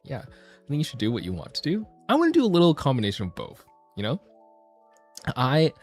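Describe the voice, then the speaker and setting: A man streaming as a VTuber, talking in a casual, rambling and animated way. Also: lowish voice, husky. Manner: animated, rambling, self-deprecating.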